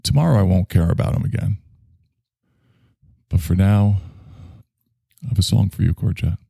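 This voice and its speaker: A man's voice: sits low, expressive, moderate pace, vocal fry, dark tone, husky, no room sound, studio quality. A man streaming, rambling sarcastically in a comic monologue.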